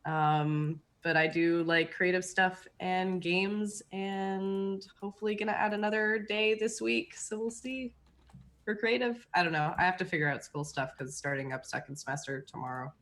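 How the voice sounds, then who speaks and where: A woman's voice: fairly low pitch, moderate pace, a bit bright. A young woman who streams and studies, introducing herself in a bubbly, slightly hesitant way. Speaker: streamer and student. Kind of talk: casual livestream chat.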